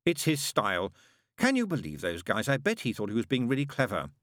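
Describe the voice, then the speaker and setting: Sardonic impatient demon read by a man, snappish, very animated delivery. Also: mid-range voice, fairly quick, no echo, studio quality. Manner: snappish, sarcastic.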